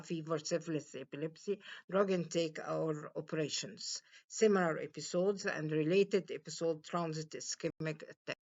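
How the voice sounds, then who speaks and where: A woman's voice: lowish voice, fairly bright tone. A woman giving a clinical lecture, reading out long lists of terms one by one, with fillers and restarts. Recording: dull lo-fi recording.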